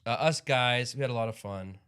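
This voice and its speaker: A man's voice: medium pitch, fairly quick, fairly bright tone, smooth. Upbeat rambling male stream host. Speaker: livestream host. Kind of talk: casual chat.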